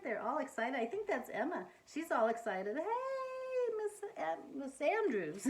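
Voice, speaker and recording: Lively storytime woman reading to children. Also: on the high side. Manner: gentle, coaxing, asks the listener questions. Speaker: storyteller reading a picture book. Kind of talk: children's read-aloud storytime.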